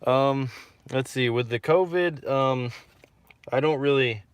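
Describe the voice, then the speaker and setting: A man's voice: mid-range voice, slow pace, clean tone, no room sound. Rambling Texan man chatting on a livestream. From Texas. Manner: rambling, repeats words, frequent fillers. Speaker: livestream host reading viewer comments. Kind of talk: casual livestream chat.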